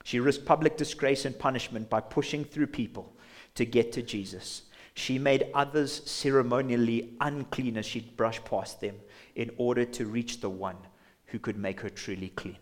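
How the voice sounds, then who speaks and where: A man's voice: mid-range voice, steady tone, normal speed. A man preaching a sermon as pastor in a church, passionate, sometimes acting out imagined voices. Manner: impassioned, acts out imagined inner voices.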